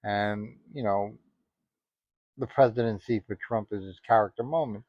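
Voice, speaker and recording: A man's voice: on the low side, moderate pace, dry recording. A man giving casual spoken commentary, rambling and indignant, full of "you know" asides. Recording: dry, dull lo-fi audio.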